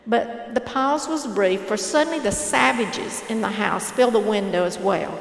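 A woman reading a parable aloud in a measured, earnest storytelling manner. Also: a little high, creaky. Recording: echoey hall reverb.

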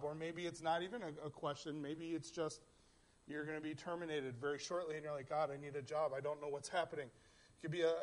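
A man preaching a sermon in church, earnest, often stumbling and repeating words as he voices heartfelt prayers aloud. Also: on the high side. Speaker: pastor. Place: church in South Central Pennsylvania.

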